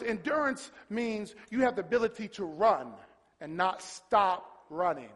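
High-voiced preacher in a reverberant hall. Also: male voice, a little slow, breathy edge. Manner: animated preaching, acts out voices, shouts at peaks. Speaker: pastor. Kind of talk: sermon. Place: church sanctuary.

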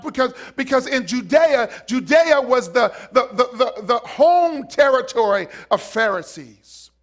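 High-voiced fiery preacher man. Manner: fiery, shouting, call-and-response with congregation; acts out quoted voices and repeats words for emphasis. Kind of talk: live sermon.

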